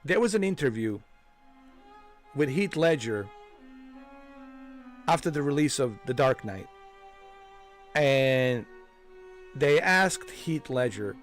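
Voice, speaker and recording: An excitable man rambles and swears as he chats through a game walkthrough. His voice sits at a middle pitch, and faint music plays under him. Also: slow pace, pauses often. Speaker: gaming streamer. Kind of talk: casual chat during a game walkthrough.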